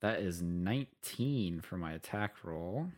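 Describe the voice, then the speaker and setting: A man's voice: sits low, animated, unhurried, a little mellow. A man playing a tabletop game, talking hesitantly with lots of likes and ums and asking about the rules. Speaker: player. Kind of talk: casual tabletop play.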